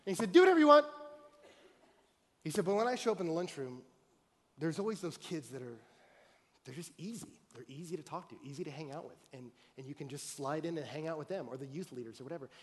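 A man preaching with a fairly high voice, jumping from loud, excited bursts to hushed, earnest asides. His words ring out in a large hall with a long, lingering reverb. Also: fast talker. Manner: animated, swings from loud excited bursts to quiet earnest talk. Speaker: pastor. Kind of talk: sermon with storytelling.

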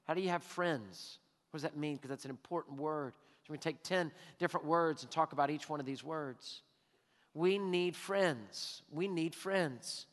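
A man preaching a sermon as pastor, emphatic and drawing out his words with pauses. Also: on the high side. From Texas. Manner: emphatic, with long drawn-out pauses. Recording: hall reverb.

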